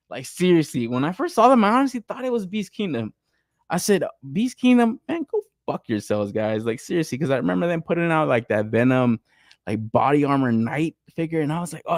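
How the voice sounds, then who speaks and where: A man's voice: fairly high pitch, no room sound, clean studio sound. A young man hosting a toy podcast in casual, loose chat, swearing freely and laughing often. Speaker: podcast host. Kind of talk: casual toy-news commentary.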